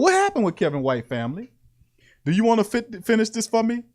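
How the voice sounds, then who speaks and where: Sports show guy, kinda high voice, reads notes then goes off, laughing and repeating himself a lot. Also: a little fast. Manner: animated, laughing, repeating lines for emphasis. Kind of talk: casual sports talk commentary.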